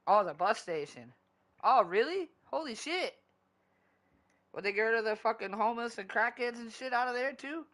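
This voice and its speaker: A man talks to his stream while he plays, rambling from one gripe to the next and swearing in nearly every sentence. His voice is bright and forward. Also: sits high, fast talker, hardly any pauses. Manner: profane, loose and rambling. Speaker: gaming streamer. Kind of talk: casual chat while gaming.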